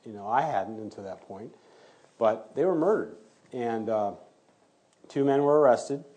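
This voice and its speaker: Husky-voiced man, animated storyteller. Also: mid-range voice, unhurried. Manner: animated retelling, acting out quoted exchanges. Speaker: forensic DNA criminalist. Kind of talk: storytelling in an interview.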